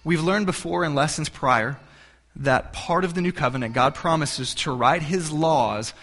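A man's voice: fairly high pitch, normal speed, a bit bright. Conversational male pastor preaching. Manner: conversational, humorous, many restarts. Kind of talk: sermon.

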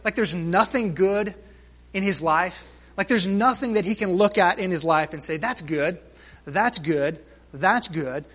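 A man preaching a sermon as pastor, emphatic, stretching and swelling key phrases, then dropping to quiet asides. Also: high voice.

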